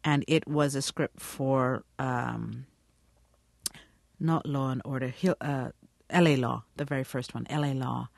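A woman's voice: rumbling low, a little slow, creaky, no room sound, studio quality. A woman, an actress, telling stories in an interview and acting out the people she quotes. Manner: animated storyteller, acts out quotes. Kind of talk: radio interview.

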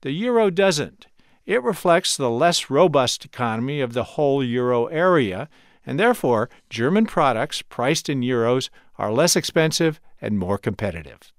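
A male correspondent reads a scripted news report in a measured, clear way. His pitch moves a lot, and the studio sound is dry with no room echo. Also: big pitch swings. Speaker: radio correspondent.

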